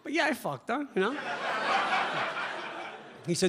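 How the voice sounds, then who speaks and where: A man performing stand-up comedy at a club, telling a story in a fast, animated way and often tagging lines with "right?". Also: very high-pitched, noisy background.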